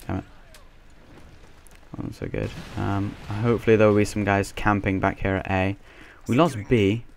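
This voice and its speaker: A man's voice: on the low side, flat delivery, normal speed, gravelly, darkish tone, slight background noise. A man giving playful, jokey live commentary over a shooter game as he plays, laughing often. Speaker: gaming commentator.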